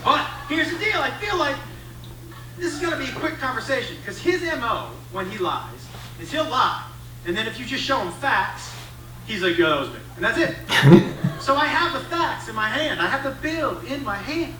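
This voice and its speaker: A man's voice: extremely high pitch, lively intonation, moderate pace. A middle-aged man doing stand-up comedy, telling a profane story and acting out both sides of a dialogue. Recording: roomy, distant stage recording with background noise.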